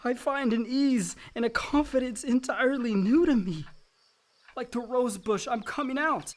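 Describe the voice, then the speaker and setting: A man's voice: extremely high pitch, moderate pace. An actor playing Chip, a grown son who is anguished and lonely, his voice raw and breaking in a radio drama. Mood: confessional.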